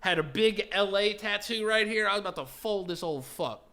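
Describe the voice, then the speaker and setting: A Florida man with a high-sitting voice co-hosts a podcast, telling a story at a moderate pace in casual, heavily profane chat. He's animated and acts out the people in his tale.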